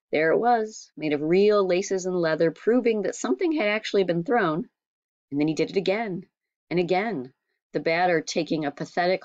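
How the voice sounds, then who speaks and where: A woman reading a storybook aloud in a steady, measured way. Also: lowish voice, no room sound, muffled recording. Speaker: audiobook reader. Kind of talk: storybook narration.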